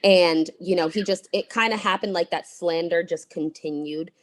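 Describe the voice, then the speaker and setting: Low-voiced outspoken woman guest. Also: moderate pace, no echo. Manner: blunt, outspoken, swears freely. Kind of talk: candid storytelling interview.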